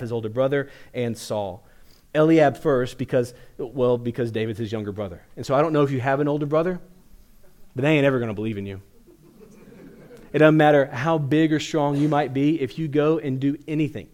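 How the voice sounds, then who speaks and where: A man with a mid-range voice preaches a sermon. He tells the Bible story in a lively way, acting out each character in casual modern speech. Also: mid-range voice. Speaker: pastor.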